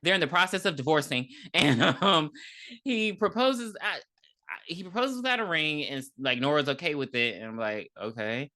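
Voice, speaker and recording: A man's voice: on the high side, big pitch swings, sharp tone. A man co-hosting a podcast, recapping an episode in casual, joking chat with lots of ums and laughter. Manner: loose, joking, quick to laugh, many ums. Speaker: podcast co-host.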